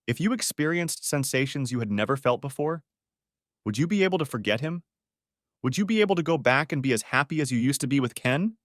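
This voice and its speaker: A man reading a story aloud, voicing a calm, level-headed wife who asks thoughtful, probing questions. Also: medium pitch, fairly quick, no room sound, studio quality, voice pushed up, natural voice.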